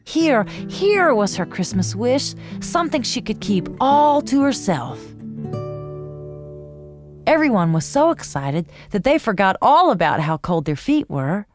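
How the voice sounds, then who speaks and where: A woman reading a bedtime story aloud to children in an expressive, lively way. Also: medium pitch, a little slow, over music.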